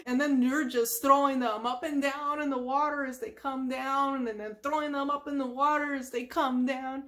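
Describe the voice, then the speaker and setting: High-voiced woman host, casual, rambling retelling full of fillers. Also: steady tone, moderate pace, fairly bright tone. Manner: rambling, with lots of filler words and sound effects. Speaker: ASMR channel host. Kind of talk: casual retelling of a cartoon from memory.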